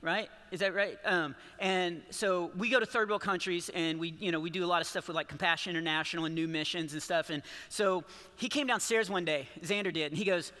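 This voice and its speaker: A man in his forties performs a stand-up comedy set in a large church auditorium. His voice sits high and very bright, and he keeps restarting his sentences with small chuckles. A long hall reverb trails after his words. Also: quick pace. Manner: rambling, self-interrupting, chuckling storyteller.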